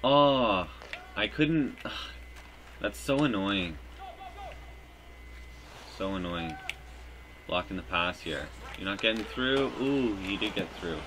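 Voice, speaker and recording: A man giving live commentary over his own hockey video game, joking and breaking into loud cheers at big plays. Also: lowish voice, slow, pauses often, background noise. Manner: excitable, jokey, bursts into loud cheers. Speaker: gaming YouTuber.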